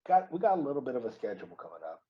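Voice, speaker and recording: Animated man saying "dude" a lot. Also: mid-range voice, racing, muffled recording. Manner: animated, repeats "dude" constantly, trails off and restarts. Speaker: podcast co-host. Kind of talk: casual sports chat.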